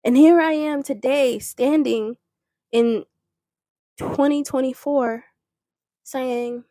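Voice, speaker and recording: Woman telling her faith story on her podcast, kinda husky, higher voice, dry sound, earnest and rambly. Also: fairly even intonation, slow pace, mellow, no echo. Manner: earnest, rambling, with restarts and little laughs. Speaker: podcast host. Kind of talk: personal faith testimony.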